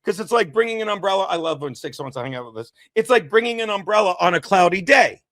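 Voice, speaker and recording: A man with a very high-pitched voice hosts a comedy podcast, talking in a fast, heated rant. He slips into mocking impressions as he tells a story. The sound is close and dry, with no room around it. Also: animated, a bit bright, no room sound. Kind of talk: casual chat.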